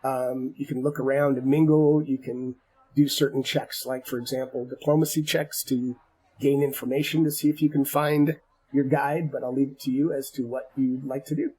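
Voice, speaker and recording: Guy gm narrating a tabletop game, kinda husky, trips over his words a lot. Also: mid-range voice, little pitch movement, mellow, rough recording. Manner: halting, repeats words often. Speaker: game master.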